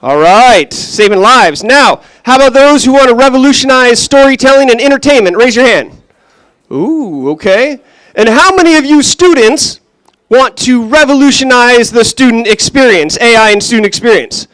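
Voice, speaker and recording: A man with a very high-pitched, bright, smooth, animated voice hosts a live kickoff event as the center director, speaking at normal speed. In an event room with an audience, he does upbeat, joking crowd work and walks through the rules. The low-quality recording has no room sound.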